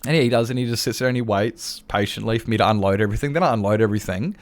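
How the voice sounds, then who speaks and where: An Australian man streaming a game and chatting casually, telling animated stories and acting out other people's lines, with chuckles and restarts. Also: lowish voice, rapid-fire. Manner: animated storyteller who acts out customers' lines; frequent chuckles and self-interruptions. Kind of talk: casual chat while gaming.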